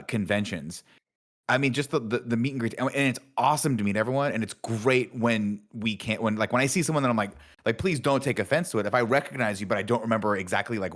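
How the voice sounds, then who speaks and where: A man co-hosting a podcast in casual chat, talking quickly with jokey asides. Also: medium pitch, a bit bright. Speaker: podcast co-host.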